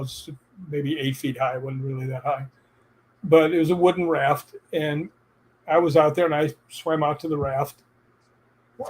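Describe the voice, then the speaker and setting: A man telling personal stories in a casual chat, animated and laughing as he goes. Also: a little high.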